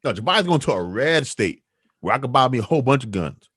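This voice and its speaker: A man's voice: medium pitch, quick pace, slightly rough, dry recording, studio quality. A man co-hosting a weekly news talk show, arguing his opinions emphatically and rhetorically. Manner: animated, emphatic, rhetorical, with restarts. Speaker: co-host. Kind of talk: opinionated news commentary chat.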